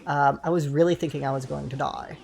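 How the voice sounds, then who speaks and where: A man's voice: fairly high pitch, steady tone, brisk, vocal fry, a little mellow. Swearing young man telling a storytime. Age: 20s. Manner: swears freely and rambles with asides to viewers. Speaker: gaming storyteller. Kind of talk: casual storytime over gameplay.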